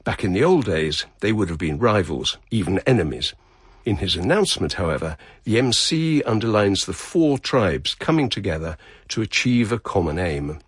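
A man narrating a radio feature in a measured, descriptive way. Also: on the low side, big pitch swings, slightly rough, dry recording, clean studio sound. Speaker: radio reporter.

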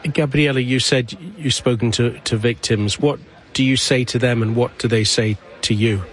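A man presenting a news interview, speaking gently and stammering at the starts of words. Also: medium pitch, fairly even intonation, moderate pace.

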